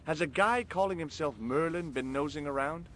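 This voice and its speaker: An actor playing a curious, wisecracking amateur investigator who asks questions in a wry, quick way in a video game. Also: male voice, on the high side, a bit bright, a little hiss or hum, natural voice.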